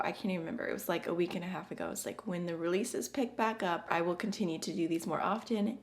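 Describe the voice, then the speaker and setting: Raspy-voiced woman vlogging casually. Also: fairly low pitch. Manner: chatty and upbeat. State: hoarse from a chest infection. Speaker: beauty vlogger. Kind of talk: casual chat to camera.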